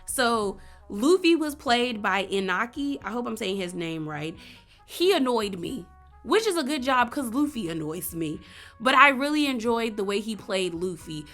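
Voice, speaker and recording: A young woman talking casually and emphatically as a vlogger, reviewing a series. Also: medium pitch. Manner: animated, emphatic, slangy.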